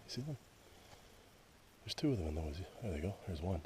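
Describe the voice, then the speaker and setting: Man, very deep voice, Canadian accent, wry grumbling hiker, action camera outdoors, faint background noise. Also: big pitch swings, brisk, a little mellow. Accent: Canadian English. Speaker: hiking vlogger. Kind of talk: casual narration while hiking. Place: wooded trail outdoors.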